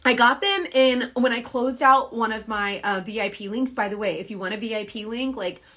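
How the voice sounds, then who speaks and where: A woman runs a casual live stream selling makeup, her voice sitting a little high. She rambles earnestly, stacking fillers as she talks. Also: normal speed, a bit bright. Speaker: makeup seller.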